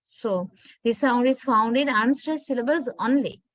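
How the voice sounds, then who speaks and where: A Sri Lankan woman with a Sri Lankan English accent gives an online lecture on English pronunciation, speaking slowly and deliberately and often checking in with "right?". Her pitch is fairly high, and the low-quality recording has no room sound.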